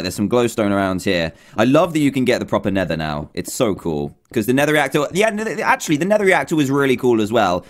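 A young man from England narrates his game play as he goes. He talks to himself nonstop, and he sounds excitable and panicky. His voice sits at a middle pitch for a man. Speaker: gaming YouTuber. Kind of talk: let's play commentary.

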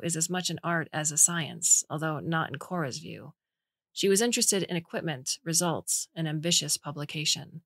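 Woman reading a story aloud, slightly low voice, super dry close mic. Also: fairly bright tone, no echo. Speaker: narrator. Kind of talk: audiobook story narration.

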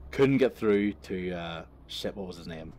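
Speaking a little slowly in a low, expressive, darkish voice, a gaming video creator comments casually on his gameplay. He tells a long and crude rambling story. He frequently corrects himself and laughs as he tells it.

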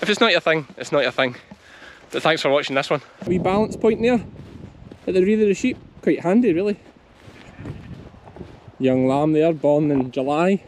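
A middle-aged Scottish man hosting a farm vlog in casual, chatty commentary. His voice sits a little high for a man, and he talks while walking a large field outdoors. A faint hiss of wind and field noise runs behind him. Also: expressive, moderate pace, pauses often. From west of Scotland. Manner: chatty, calls commands to a young dog while walking. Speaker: sheep farmer and channel host.

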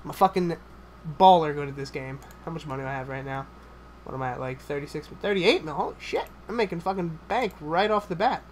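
A man giving live gameplay commentary, excitable and swearing a lot, swinging from low muttering to shouting at the game. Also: a little fast, slight background noise. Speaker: gamer.

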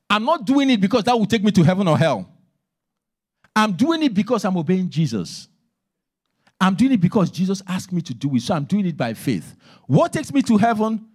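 A male minister preaching a sermon in church, emphatic, swinging between loud stresses and hushed asides. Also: high voice.

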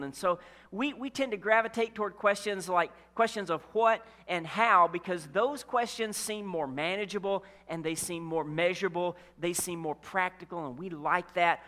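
A male pastor delivers a sermon in a church sanctuary. His voice sits high and sounds bright and forceful. He talks in an easy, conversational way and sinks low and quiet to land his main points. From Illinois. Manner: conversational, joking with rhetorical questions, dropping low on key lines. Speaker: senior pastor.

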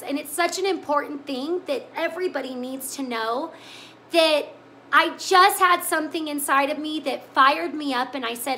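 A woman's voice: high voice, normal speed, pushed and bright, a little hiss or hum. A woman hosting a live cooking stream, chatting with viewers in an emotional, tearful way. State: crying. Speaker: cooking show host. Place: home kitchen.

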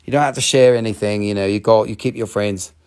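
His voice is lowish, steady, darkish, clear and resonant, and he talks fast. The speaker, a middle-aged Western North Carolina man, chats casually while selling stones live, joking, rambling and lapsing into a put-on Italian-French accent.

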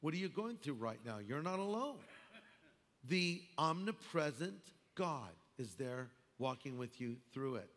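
A man's voice: mid-range voice, very animated, unhurried, a bit bright. A man preaching a sermon as pastor, emphatic with wry asides. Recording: long hall reverb.

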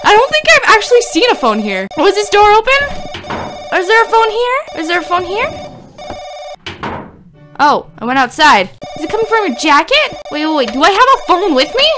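Woman gamer, very lively high delivery, panics and screams easily during a horror playthrough. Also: moderate pace, over music. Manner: excitable, screams and talks to objects. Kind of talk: horror game commentary.

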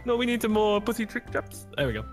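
A man's voice: sits high, very animated, faint music behind. Joking man in gaming chat. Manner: joking, riffing quickly. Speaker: online card game player. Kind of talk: casual gaming banter.

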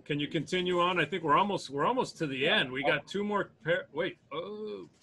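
A group leader of a scripture study, chatting casually with lots of "like" and "you know". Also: female voice, fairly low pitch, a little fast, crowd noise. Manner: rambling, many fillers like "you know" and "like".

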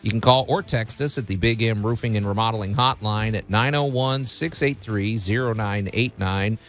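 A man's voice: lowish voice, moderate pace, a bit bright, soft background music. Rambling male radio host. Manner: rambling, full of fillers and restarts. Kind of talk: casual radio chat.

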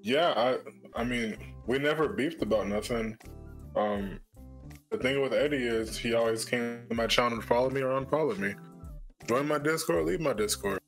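A man's voice: mid-range voice, normal speed, soft background music. A man who is a podcast guest and gamer, talking in a laid-back, easygoing way. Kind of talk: casual podcast conversation.

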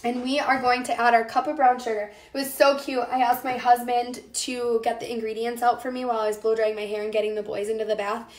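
A woman's voice: a little high, little pitch movement, fast talker, hardly any pauses. A young woman hosting a casual cooking demonstration from her home kitchen. She chats with viewers and answers their comments while she gets over a lost voice. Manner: chatty, talks to viewers as "you guys" and answers comments. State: recovering from a lost voice. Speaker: cooking show host. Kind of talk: chatty live cooking demonstration. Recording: echoey room with faint noise.

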